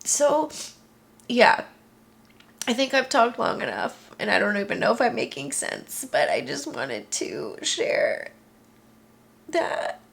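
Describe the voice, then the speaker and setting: A young woman vlogging from her apartment, talking softly and haltingly, tearful and reflective, with many pauses. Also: a little high, wildly swooping pitch, vocal fry. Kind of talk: emotional personal vlog. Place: apartment bedroom, indoors.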